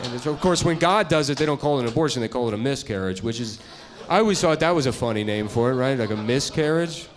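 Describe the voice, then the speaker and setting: A man doing a stand-up comedy set on stage before a live audience, talking in a crude, deadpan way and slipping into mocking voices. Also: mid-range voice, fast talker, few pauses.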